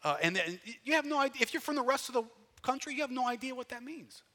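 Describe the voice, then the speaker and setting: A pastor preaching a folksy, conversational sermon, full of rhetorical questions and loud bursts of emphasis. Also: male voice, very high-pitched, expressive, fast. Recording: long hall reverb.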